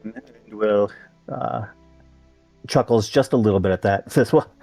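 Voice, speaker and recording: Casting: a man with a low voice and a dry, close sound, narrating his character in a tabletop game. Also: measured pace, creaky, mellow, dry recording, faint music behind. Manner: hesitant, with many fillers.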